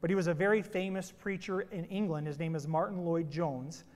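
Male pastor, higher than usual register, playful preacher with jokes, large echoing sanctuary. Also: brisk. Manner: playful, animated joke-telling. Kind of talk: sermon with opening jokes. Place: church sanctuary. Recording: long reverb of a church hall.

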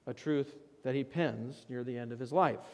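A man preaching a sermon as pastor, leading a guided imagery passage with dramatic rises and hushed drops. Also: medium pitch, moderate pace. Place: church sanctuary. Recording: long church reverb.

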